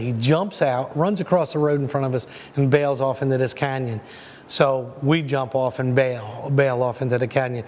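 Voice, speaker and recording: A man narrating a hunt in voice-over, telling it in a rambling, excited way with fillers. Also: mid-range voice, long reverb tail, slight background noise. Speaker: hunting show host. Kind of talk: voice-over storytelling.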